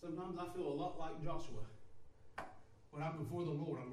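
Male preacher, high-pitched and animated; roomy church sound with faint hiss. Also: a little fast. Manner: animated preaching, addresses congregation, laughs often, builds to loud passages. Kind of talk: sermon. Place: church sanctuary. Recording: echoey room recorded from far off with faint background noise.

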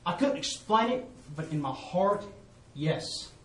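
A man's voice: high-pitched, very animated, slow, recorded from a distance, a little hiss or hum. Man preaching in an echoey church. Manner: calls out to the congregation, swings between loud and hushed. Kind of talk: testimony sermon.

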